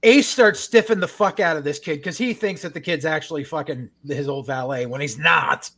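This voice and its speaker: A man co-hosting a podcast, recapping a show in a profane, animated rant. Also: fairly high pitch, moderate pace, vocal fry. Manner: profane, animated retelling with acted-out quotes. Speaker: podcast co-host.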